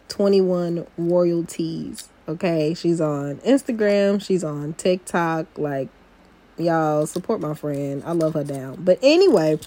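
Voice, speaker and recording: A woman's voice: lowish voice, a little mellow. A young adult woman hosting a personal podcast, chatty and confiding as she talks straight to her listeners. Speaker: podcast host. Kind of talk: casual personal podcast talk.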